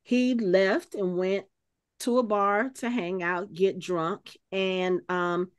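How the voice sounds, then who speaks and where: A woman co-hosting a podcast at a middle pitch, talking casually and working her thoughts out as she goes. She restarts her sentences often and fills the gaps with "um" and "you know". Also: steady tone, slow, smooth. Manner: thinks aloud, with many filler words and restarts. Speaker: podcast co-host. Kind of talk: casual chat.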